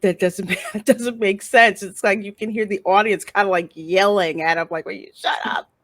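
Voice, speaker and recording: A woman's voice: medium pitch, steady tone, moderate pace, no room sound. A woman hosting a casual show, chatting animatedly about a TV episode and acting out how the audience reacts. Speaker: host reviewing a TV episode. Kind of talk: casual chat.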